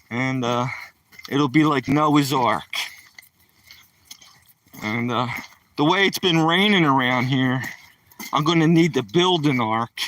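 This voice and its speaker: An older man with a strong Philadelphia accent talks slowly and unhurriedly, his voice bright and forward. He greets his regular viewers playfully and chats with them casually. The recording is dry and picks him up from a little way off the mic. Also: a little high, no echo, far from the mic. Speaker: live streamer. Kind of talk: casual live-stream chat with viewers. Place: outdoors at night, walking a dog.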